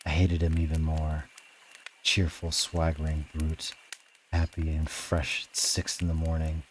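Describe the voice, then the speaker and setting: A man reading a novel aloud on a live stream in a steady narrating voice. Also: a bass voice, a little hiss or hum, low-quality recording. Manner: steady narration, with offhand asides. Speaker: reader.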